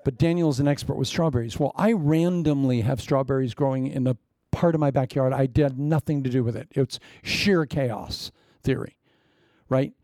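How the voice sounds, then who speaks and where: A man's voice: mid-range voice, normal speed, warm tone, no echo, studio quality. A middle-aged man preaching a sermon as pastor, conversational and joking, with laughing asides.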